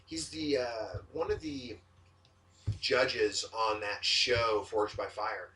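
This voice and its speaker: A man's voice: mid-range voice, steady tone, slow pace, pushed and bright, recorded from a distance, slight background noise. A man hosting a casual podcast from his home kitchen, rambling and joking loosely. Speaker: podcast host.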